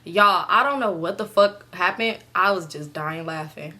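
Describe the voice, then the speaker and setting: A young woman vlogger telling a casual storytime, chatty and animated, swearing freely and laughing often. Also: on the low side, moderate pace.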